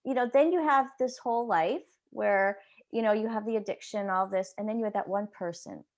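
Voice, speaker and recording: A woman hosting a podcast, asking questions in an enthusiastic, halting way with many fillers. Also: medium pitch, darkish tone. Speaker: podcast host. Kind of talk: casual interview chat.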